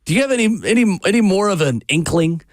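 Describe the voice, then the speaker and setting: A man hosting a sports talk radio show, upbeat and animated. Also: high voice, quick pace, dry recording, studio quality. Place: radio studio.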